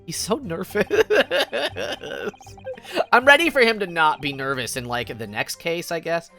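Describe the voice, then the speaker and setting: A woman's voice: on the low side, animated, a little slow, creaky, bright, forceful tone, faint music behind. A woman streaming a game, giggly and playful, chatting with viewers. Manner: giggly, playful, reads chat.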